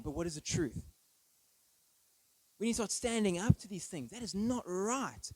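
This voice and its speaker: A pastor preaching an earnest, emphatic sermon full of rhetorical questions. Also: male voice, sits high, lively intonation, normal speed, pauses often, no room sound, low-quality recording. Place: church.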